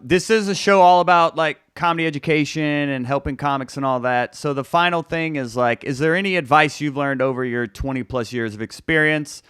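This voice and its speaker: A man's voice: medium pitch, fairly bright tone, clean tone, no echo, studio quality. A man hosting a comedy talk show over a video call, upbeat and chatty. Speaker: podcast host. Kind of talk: casual video-call interview.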